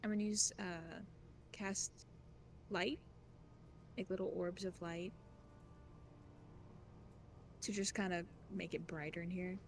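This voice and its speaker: A woman's voice: lowish voice, steady tone, slow pace, long pauses, slight background noise. A woman playing a tabletop game, chatty and giggly, with lots of fillers. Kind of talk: casual chat while playing.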